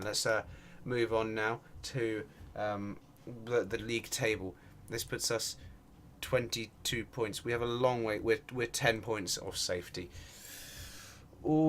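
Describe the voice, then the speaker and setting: Young male gaming host, casual sarcastic play-by-play, mid-pitched voice, flips between muttering and shouting. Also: slight background noise. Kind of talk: gameplay commentary.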